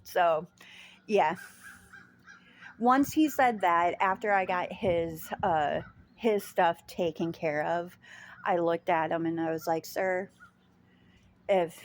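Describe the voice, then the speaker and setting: A woman's voice: lowish voice, slow pace, pauses often. A woman vlogger telling a story about a rude sandwich-shop customer in casual chat, rambling with many fillers and restarts.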